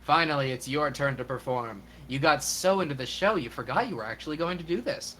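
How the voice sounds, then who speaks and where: Lively, animated streamer narrating a game. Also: medium pitch, fairly quick, slight background noise. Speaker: streamer reading a game's narration.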